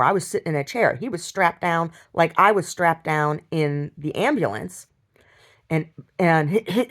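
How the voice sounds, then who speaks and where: A woman telling a personal story in a video diary, upset, rambling and halting with many restarts and repeated words. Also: medium pitch. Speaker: video diarist.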